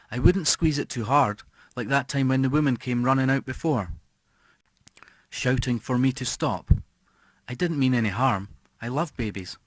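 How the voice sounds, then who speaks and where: Man reading horror in a hushed, brooding voice. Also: mid-range voice, no echo. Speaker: audiobook reader. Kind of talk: scripted horror narration.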